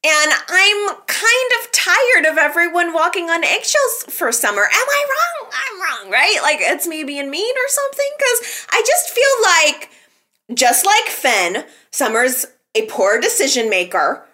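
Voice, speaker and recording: A woman's voice: extremely high pitch, very animated, a little slow, pushed and bright. A young woman chatting casually as she recaps and comments on a soap opera, gossipy and giggling at times. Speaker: soap opera podcast host.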